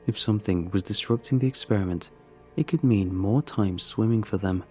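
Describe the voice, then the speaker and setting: A man reading a first-person horror story in a measured, steady way. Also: lowish voice, faint music behind.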